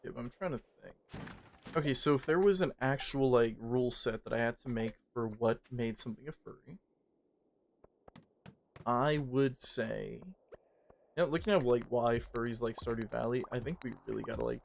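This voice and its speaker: A man's voice: mid-range voice, animated, normal speed, gravelly, slight background noise. A man chatting casually on a livestream, swearing a lot and rambling in a joking way. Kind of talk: casual stream chat.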